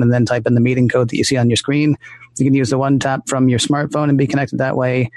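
A man's voice: medium pitch, little pitch movement, fast, darkish tone, dry recording. A man co-hosting a live show, chatting casually and rambling with restarts. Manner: rambling, self-interrupting. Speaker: podcast co-host.

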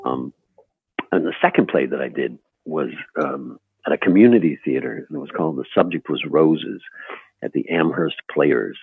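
An older man from Buffalo with a very deep, gravelly, husky voice, telling stories in a halting, chuckling way. His voice comes through a tinny, phone-like remote line that sounds dry and close. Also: expressive, no echo. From Buffalo, New York, US. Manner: halting, restarts often, chuckles. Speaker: guest actor. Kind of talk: casual interview storytelling.

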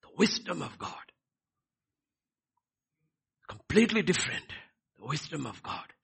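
A man preaching a sermon, swinging between quiet lines and loud, emphatic ones. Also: fairly high pitch, big pitch swings, unhurried, gravelly, husky. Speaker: pastor.

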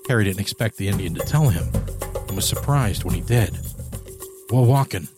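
A man narrating a horror story in a steady, measured storytelling manner. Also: lowish voice. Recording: voice over clear background music.

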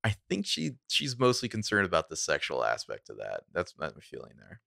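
Podcast co-host, male, very low gravelly voice, laid-back and chatty. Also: wildly swooping pitch, fairly quick, pushed and bright, no room sound, studio quality. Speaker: podcast co-host recapping a TV episode. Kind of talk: casual chat.

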